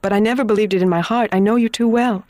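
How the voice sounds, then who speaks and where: An earnest young schoolteacher woman, voiced by a performer in a dramatized audiobook. She asks direct, pressing questions at a middle pitch. The sound is dry and close. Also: steady tone, fast talker, a little mellow, dry recording, lightly acted. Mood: earnest, curious.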